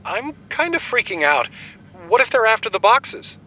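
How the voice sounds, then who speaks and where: A man's voice: high voice, big pitch swings, moderate pace, bright, forceful tone, pitched above the performer's own voice, exaggerated voice, rough recording. A man doing Carrie, a scared young woman. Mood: anxious. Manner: anxious, pleading.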